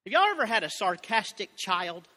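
A man's voice: sits high, big pitch swings, moderate pace, bright, forceful tone, in a large hall. A man preaching a sermon, reading scripture and telling folksy, joking asides to his congregation. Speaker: pastor.

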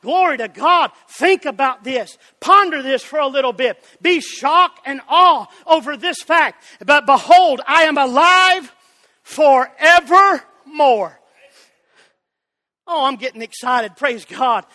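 A man preaching a fiery Baptist sermon, shouting and calling out to congregants by name. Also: very high voice, animated, slow. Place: church sanctuary. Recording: church hall with long reverb.

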